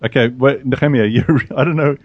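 A man hosting a religious podcast, reading scripture aloud in a steady, measured way. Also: medium pitch, muffled recording, a little hiss or hum. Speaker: host.

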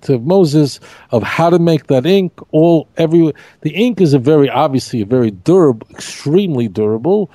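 A middle-aged man, a rabbi, teaching scripture in an emphatic, animated way, repeating key phrases on a podcast. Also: a little high, moderate pace, no room sound. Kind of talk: podcast Bible discussion.

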